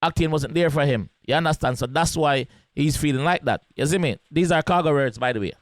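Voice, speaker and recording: A man's voice: on the high side, a little fast, no room sound, faint music behind. A man with a Jamaican accent giving casual, emphatic commentary on a song as host of a reaction video, repeating his points in patois slang.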